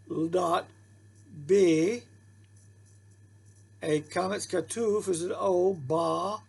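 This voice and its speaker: A man's voice: on the high side, vocal fry, a little mellow, husky. A man teaching a Hebrew lesson, patiently repeating rules and sounding out syllables. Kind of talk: slow classroom-style lesson.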